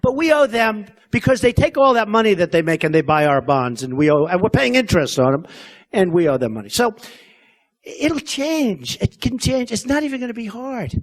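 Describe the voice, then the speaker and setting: A man in his sixties holds forth from a convention stage, boastful and rambling, circling back on his points and throwing asides to the crowd. His voice sits high for a man and swings widely up and down as he talks. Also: sing-song, normal speed. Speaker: political candidate speaking at a convention. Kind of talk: campaign rally speech.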